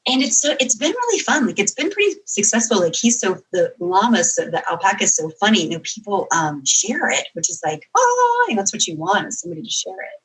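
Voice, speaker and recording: A woman guest chats through a long story with lots of energy. She rushes her asides and backtracks over details. Her pitch sits in the middle for a woman. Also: rough recording. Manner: animated storyteller, quick asides and self-corrections. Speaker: podcast guest, author. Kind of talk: casual interview chat.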